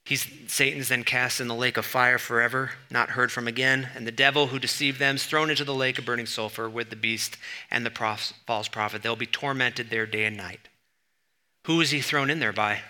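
A man's voice: mid-range voice, steady tone, fairly quick, bright, forceful tone. A man preaching a sermon, teaching in a conversational way with sudden bursts of emphasis. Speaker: pastor.

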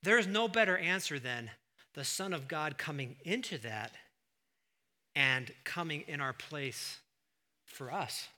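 A male pastor preaching a sermon, asking rhetorical questions and swinging between hushed, slow emphasis and loud exclamations. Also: a little high, animated. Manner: asks the congregation rhetorical questions.

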